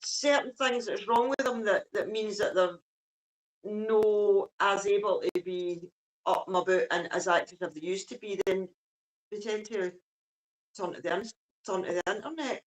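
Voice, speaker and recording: A woman's voice: mid-range voice, moderate pace, rough recording. A Scottish woman chatting casually, easygoing, with "aye" and "eh" running through her talk. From Scotland. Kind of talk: casual chat.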